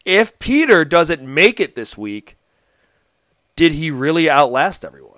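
A man co-hosting a casual podcast chat, laughing often and trailing off quietly. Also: fairly high pitch, big pitch swings, a little slow, no echo. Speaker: podcast co-host.

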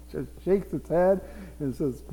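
A man's voice: on the high side, mellow. A man preaching a sermon as pastor, with playful asides to his congregation. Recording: reverberant hall.

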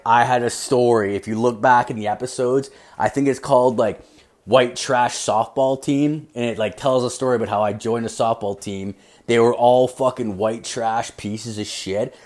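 A man's voice: medium pitch, normal speed. A man in his thirties hosting a podcast, telling a long profane story in a rambling, crude way with constant filler words. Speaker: podcast host.

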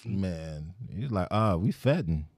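A man's voice: low voice, expressive, slow, a little mellow, slightly rough, no room sound, studio quality. A man co-hosting a podcast who laughs often and mimics his relatives in casual chat. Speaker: podcast co-host.

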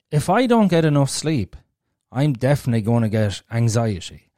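A man with an Irish accent and a fairly high, slightly mellow voice hosts a solo podcast, speaking frankly and bluntly and swearing freely while recounting his own experience. The audio is studio quality with no echo.

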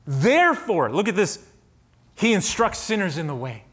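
A man preaching a sermon, reading scripture aloud and moving between hushed reflection and fervent emphasis. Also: sits high, sing-song, normal speed. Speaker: pastor.

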